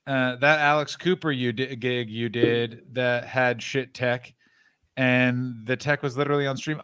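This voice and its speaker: A man's voice: medium pitch, steady tone, a bit bright, smooth, no echo. A man co-hosting a casual live stream, tired, teasing his friend and ranting in bursts. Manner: ranting, teasing, quick jokes. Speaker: podcast co-host.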